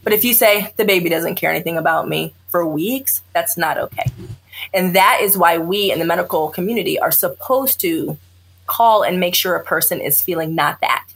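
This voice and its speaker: A woman's voice: fairly low pitch, moderate pace, creaky, husky. A woman OB-GYN talking candidly in an interview, blunt and sarcastic, often acting out what patients say. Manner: blunt, animated, sarcastic, acts out quotes. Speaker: OBGYN doctor, guest.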